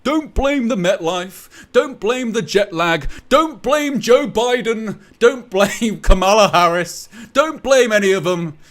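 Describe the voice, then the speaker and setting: A man's voice: high-pitched, animated, takes it slowly, few pauses, fairly bright tone. A man on a live fan stream, mocking rival fans' excuses sarcastically.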